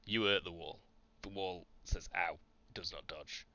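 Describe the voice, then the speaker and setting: A man's voice: low voice, fairly even intonation, normal speed, pushed and bright, lo-fi sound. A man acting as game master of a tabletop game, explaining rules casually. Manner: casual, rules-focused, swears.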